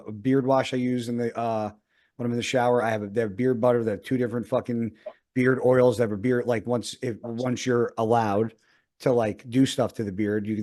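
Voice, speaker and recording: A man's voice: medium pitch, darkish tone. A man in his thirties, a podcast host, telling a rambling story in casual chat and swearing often.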